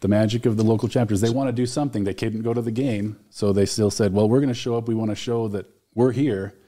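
Low, mellow-voiced man telling stories. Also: steady tone, fast talker. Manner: enthusiastic storyteller, frequent fillers. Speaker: alumni relations director, guest. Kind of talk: casual studio conversation. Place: radio studio.

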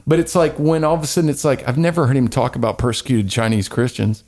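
A man hosting a podcast in casual, opinionated chat, rambling and animated with slangy asides. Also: mid-range voice, quick pace. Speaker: podcast host.

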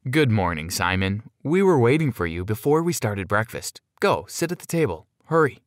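A man's voice: fairly low pitch, very animated, normal speed, dry recording, studio quality. A man voicing a strange smiling man who poses as a stern father, pushing the boy to hurry. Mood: insistent. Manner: pushy, insistent.

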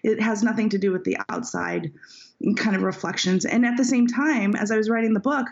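A woman's voice: mid-range voice, animated, a little fast. A woman author telling a personal story in an interview, reflective and heartfelt. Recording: dull lo-fi audio.

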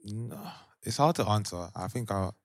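A man's voice: on the low side, animated, moderate pace, no echo, clean studio sound. A man co-hosting a podcast chat, thinking aloud and hesitant at times. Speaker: podcast co-host. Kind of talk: casual chat.

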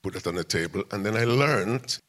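An older man, a music promoter and interview guest, telling a long story step by step in an unhurried conversational way. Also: on the low side, expressive, a bit bright. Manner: recounts events step by step, acting out quoted dialogue.

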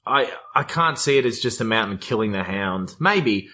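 A man's voice: on the low side, lively intonation, normal speed, sharp tone. A man co-hosting a casual podcast chat, making offhand, dry remarks. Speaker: podcast co-host, comedian.

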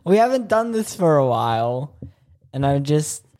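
A podcast co-host on a headset mic making absurd deadpan jokes and trailing off mid-thought. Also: mid-range voice, unhurried. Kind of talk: casual banter. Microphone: headset mic, often off it.

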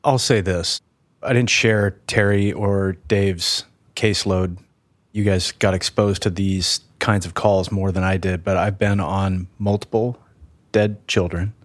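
Low-voiced man explaining earnestly. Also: steady tone, measured pace, dry recording. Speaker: former police officer. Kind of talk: candid conversation.

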